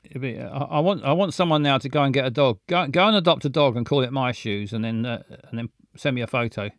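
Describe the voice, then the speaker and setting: A man hosting a live show, chatting casually in a halting, playful way with many restarts and silly jokes. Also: mid-range voice, no room sound, clean studio sound. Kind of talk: casual rambling live chat.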